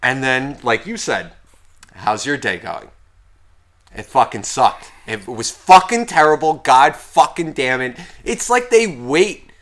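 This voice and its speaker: A man co-hosting a casual podcast, swearing constantly and acting out his phone calls in loud rants. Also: medium pitch, sing-song, takes it slowly. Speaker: podcast co-host.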